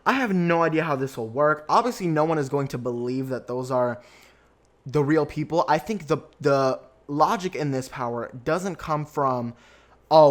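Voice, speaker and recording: Young man, podcast host, slightly high voice, chatty and animated, casual recap. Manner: chatty and animated, acting out his own reactions.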